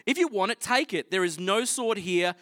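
A puzzled male temple priest, played by a preacher, asks questions and answers in a plain, matter-of-fact way. The voice is high and bright, and the sound is dry and close. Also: animated, normal speed, dry recording.

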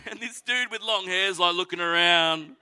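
A man preaching a sermon, telling the story with animated energy and acting out voices. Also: sits high, normal speed, clear, resonant tone. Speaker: pastor.

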